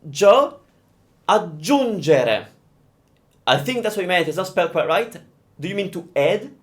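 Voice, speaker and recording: A young Italian man with an Italian accent runs a live pronunciation lesson. His voice sits a little high and swings widely as he draws out each sound. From Italy. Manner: animated, drawn-out demonstrations of sounds. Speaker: Italian teacher.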